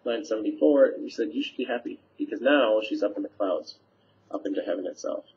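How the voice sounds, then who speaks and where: A man's voice: lowish voice, a little fast, a little mellow. A man, a teacher, casually summarizing a play scene for students, paraphrasing lines with fillers, recorded on a webcam mic. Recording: dull lo-fi webcam audio.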